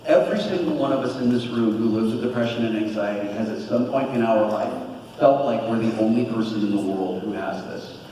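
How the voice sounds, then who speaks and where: A man's voice: on the low side, a little fast, a little hiss or hum. A man in his forties, a convention panel guest, speaking earnestly and openly about living with depression. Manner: earnest, open and animated. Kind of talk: candid panel talk. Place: large convention hall. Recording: echoey hall from far off.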